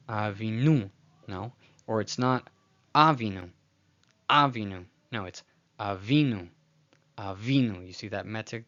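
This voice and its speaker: Patient man teaching pronunciation, low voice. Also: fairly bright tone, highs cut off. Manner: patient, repeats words slowly to model pronunciation; uses frequent fillers and restarts. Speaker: language teacher. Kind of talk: recorded lesson explaining slides.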